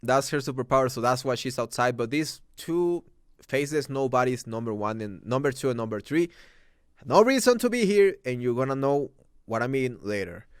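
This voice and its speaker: A man's voice: medium pitch, lively intonation, moderate pace, smooth, no echo, studio quality. A man from Mexico, hosting a movie review and ranting heatedly with heavy swearing.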